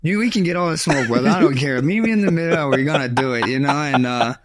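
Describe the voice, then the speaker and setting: A man's voice: fairly high pitch, fast, over a noisy crowd. A man talking casually as a guest on a podcast, acting out quotes and saying "bro" and "like" all the time. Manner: animated storyteller, acts out quotes; says "bro" and "like" often. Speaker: guest fighter.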